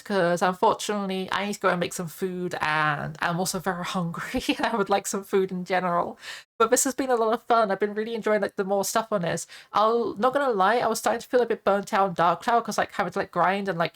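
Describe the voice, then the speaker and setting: Talking fast in a medium-pitched, slightly bright voice, a young woman streams a video game and chats casually. She rambles along with many fillers and laughs, and there's faint music behind her.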